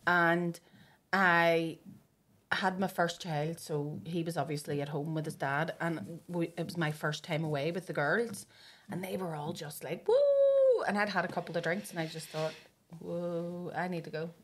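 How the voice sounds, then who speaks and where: A Northern Irish woman in her thirties hosts a casual podcast chat. Her voice is bright and forward, and she tells her stories with lively energy, often breaking into laughter. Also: deep voice, moderate pace. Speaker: podcast host.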